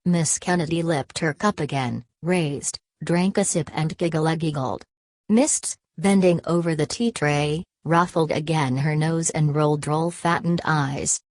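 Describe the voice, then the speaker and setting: A woman reading a literary audiobook in a measured, unhurried way. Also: deep voice, dry recording. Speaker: audiobook narrator.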